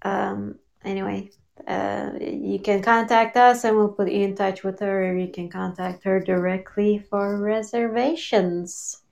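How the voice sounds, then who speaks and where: Slow-talking, giggly woman podcaster. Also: mid-range voice, steady tone, creaky, darkish tone, lo-fi sound. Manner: giggly, unhurried talk with frequent laughs. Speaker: podcast co-host. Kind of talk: casual chat.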